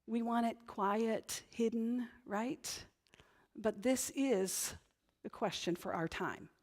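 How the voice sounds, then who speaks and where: A woman's voice: fairly high pitch, takes it slowly, darkish tone. A woman pastor giving a conversational sermon, often tagging her points with "right?". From Northern New England. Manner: conversational, chatty, frequent "right?" tag questions. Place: church.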